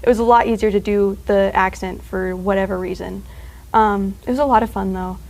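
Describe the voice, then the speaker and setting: A woman's voice: mid-range voice, steady tone, gravelly, darkish tone, rough recording. A teenage girl talking casually as a student guest, rambling with lots of fillers and small laughs. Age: teens. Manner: rambling, full of filler words and quick laughs. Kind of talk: casual chat.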